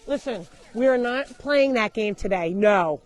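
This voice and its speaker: Medium in pitch and expressive, her measured speech carries a laid-back live tour of a farm sanctuary. Miked up, the woman strolls through indoor and outdoor areas, chatting and laughing while she coaxes and scolds the animals.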